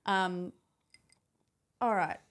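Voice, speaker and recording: A young woman co-hosting a podcast, telling animated stories with lots of swearing and acted-out quotes. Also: fairly low pitch, drawn-out words. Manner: animated storytelling, acts out quotes, swears freely. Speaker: podcast co-host. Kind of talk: casual chat.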